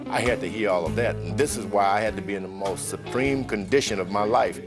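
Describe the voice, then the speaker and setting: A man, a former heavyweight boxer, reflecting in a documentary interview, talking in a halting way with restarts. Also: fairly low pitch, over loud music.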